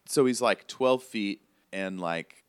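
A man's voice: on the low side, takes it slowly, smooth. A man running a tabletop game as game master, describing scenes loosely with many fillers.

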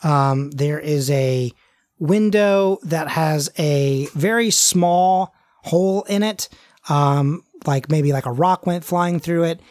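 A game master narrating a tabletop role-play, halting and full of fillers. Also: medium pitch, darkish tone, no room sound. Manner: halting, many fillers and restarts.

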